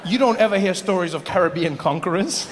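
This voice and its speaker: A man from Africa doing stand-up comedy, animated and mocking as he builds to each punchline. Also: high voice, a little fast, crowd noise, background noise. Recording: live hall with audience.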